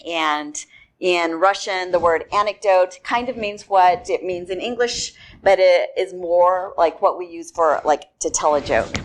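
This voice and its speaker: A woman giving a talk at a security conference. She tells the story in a relaxed way and laughs easily. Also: lowish voice. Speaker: conference speaker.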